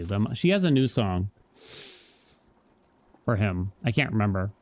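A man's voice: lowish voice, moderate pace, long pauses, no echo. A male streamer giving live commentary on his own gameplay, chatty with viewers and breaking into yelps and curses at the game. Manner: excitable, yelps and swears at the game; chatty, talks to viewers between moments.

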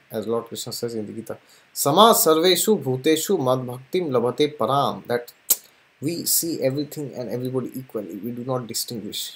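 A man hosts a casual spiritual talk, speaking animatedly and often dropping in "yes" between his points. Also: mid-range voice. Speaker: spiritual and astrology channel host.

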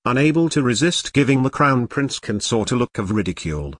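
A man's voice: mid-range voice, sing-song, brisk, hardly any pauses, dry recording, studio quality. A man narrating a novel audiobook in a machine-like, scripted reading. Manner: machine-like reading, reads symbols aloud.

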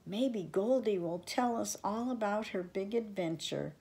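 A woman's voice: medium pitch, animated, measured pace, darkish tone, voice pushed up. An older woman voicing a young boy turtle who is stubborn and hurt, sulky and insistent. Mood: gentle.

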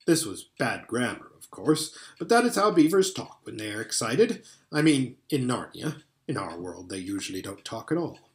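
Lively man reading a storybook aloud. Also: mid-range voice, moderate pace. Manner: expressive, occasional stumbles and restarts. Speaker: audiobook reader.

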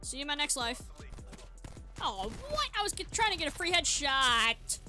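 A woman narrates her own gameplay with an excitable, chatty energy, breaking into yelps and shouts. Her voice sits high and swoops widely between highs and lows, with a bright, sharp edge. She pokes fun at herself as she plays. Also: a little fast, faint music behind. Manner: chatty, self-mocking. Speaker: gaming channel host. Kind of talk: live gameplay commentary.

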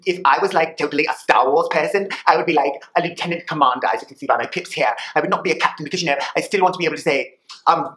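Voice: medium pitch, fast, fairly bright tone. A performer in a rambling comic monologue, full of "like" and "you know" fillers, playing it mock-silly. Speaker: comedy vlogger.

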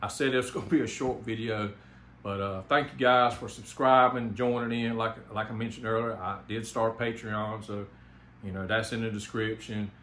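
A man's voice: on the low side, fairly even intonation, normal speed, fairly bright tone. A man from South Carolina with a Southern accent, giving a rambling, enthusiastic channel update as a home theater YouTuber, with lots of fillers and restarts. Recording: echoey room, faint background noise.

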